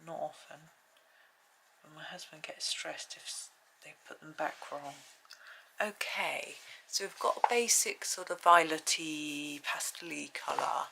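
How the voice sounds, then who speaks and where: A woman's voice: low-pitched, unhurried, vocal fry, background noise. A woman hosting a colouring channel at home, chatting and thinking aloud as she works through a casual tutorial.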